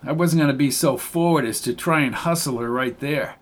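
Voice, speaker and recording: A man's voice: mid-range voice, brisk. A man narrating a first-person audiobook in a wry, hard-boiled storytelling manner.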